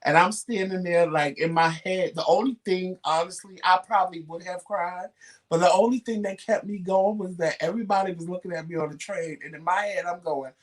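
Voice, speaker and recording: A talk-show co-host chatting casually, telling stories with lively acted-out quotes and slangy speech. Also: mid-range voice, a little fast. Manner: animated storyteller acting out quotes. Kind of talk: casual chat.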